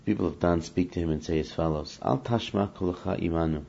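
Gravelly low-voiced man teaching scripture. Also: quick pace, warm tone, lo-fi sound, slight background noise. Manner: reads Hebrew verses then explains them in English; dramatizes the speakers in the text. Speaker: Torah teacher. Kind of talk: verse-by-verse scripture lesson.

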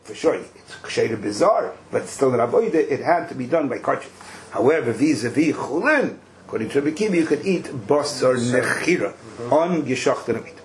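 A man's voice: medium pitch, slight background noise, rough recording. A man leading a text study lesson, explaining with rhetorical questions and joking asides. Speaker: teacher leading a study class.

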